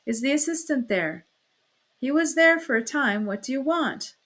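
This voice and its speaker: A woman voicing a suspicious, short-tempered male porter who demands answers in a shouting manner. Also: high-pitched, lively intonation, moderate pace, voice pushed up. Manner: demanding, shouting, growing angry.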